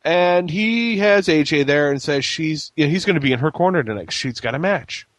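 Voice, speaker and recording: A man's voice: fairly high pitch, expressive, fairly quick, no echo. A man co-hosting a casual wrestling podcast, recapping with jokes and silly quoted voices. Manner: joking, recaps with mock-breathy quotes. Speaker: podcast co-host. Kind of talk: casual chat.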